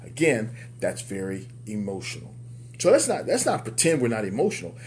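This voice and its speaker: A man coaching other men in a motivational talk. He speaks emphatically like a preacher, repeats key words for effect, and jumps up in pitch on his punch lines. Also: very animated, brisk, darkish tone, slight background noise. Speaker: men's life coach and show host.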